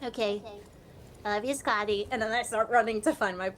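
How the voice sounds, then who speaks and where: A woman's voice: a little high, a little fast, slight background noise. A woman playing a tabletop game, speaking playfully as she describes her character's actions. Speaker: player.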